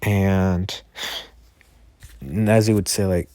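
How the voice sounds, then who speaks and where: Deep-voiced man rambling through a story. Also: fairly even intonation, slow pace, long pauses, darkish tone, dry recording. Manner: rambling, self-correcting, with many fillers. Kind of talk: improvised fan story narration. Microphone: Discord voice chat.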